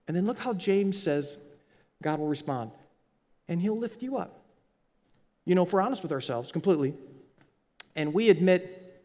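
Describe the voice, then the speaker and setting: A man's voice: high-pitched, normal speed, long pauses. A man preaching a sermon as pastor, telling stories animatedly and often restarting his words. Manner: animated storytelling with frequent restarts. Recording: long hall reverb.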